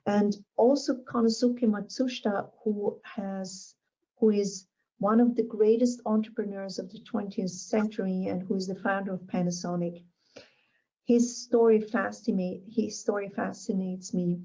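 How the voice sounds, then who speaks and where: A woman's voice: medium pitch, steady tone, measured pace, mellow, highs cut off. A woman giving a motivational keynote talk, emphatic and repeating her key phrases. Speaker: motivational speaker.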